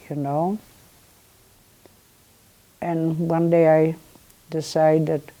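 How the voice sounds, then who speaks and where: Older Polish-accented woman, deep and mellow, unhurried witness testimony. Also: gravelly. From Poland. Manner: unhurried storytelling, acts out remembered dialogue. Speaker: Holocaust survivor giving testimony. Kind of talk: personal testimony to students.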